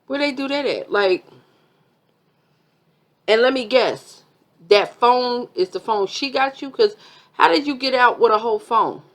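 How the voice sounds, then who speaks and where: A woman's voice: on the high side, measured pace, long pauses. A woman vlogger giving a chatty, sassy review of a reality TV episode, full of asides.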